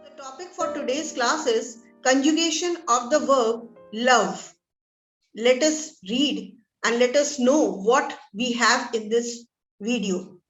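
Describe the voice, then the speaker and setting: A woman with an Indian English accent, teaching an online grammar lesson and reading example sentences slowly and methodically. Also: high-pitched, a bit bright, roomy sound, poor audio. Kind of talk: online grammar lesson over a shared screen.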